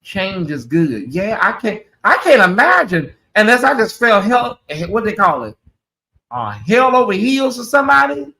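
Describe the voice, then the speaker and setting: A man's voice: sits high, big pitch swings, a little slow, pushed and bright. A man hosting a casual livestream chat, sassy and chatty, calling his listeners honey and y'all. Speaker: channel host.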